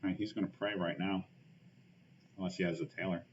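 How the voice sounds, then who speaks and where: Low-voiced man muttering through a card game. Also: fairly even intonation, a little fast. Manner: thinks aloud with many fillers, muttering asides. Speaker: streamer playing a card game. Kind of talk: casual game commentary. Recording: dull lo-fi stream audio with faint hiss.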